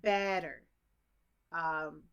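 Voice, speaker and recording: A woman's voice: low-pitched, steady tone, extremely slow, fairly bright tone, clean tone, lo-fi sound. A woman English teacher giving a close-up pronunciation lesson to camera, playfully repeating words to model their sounds.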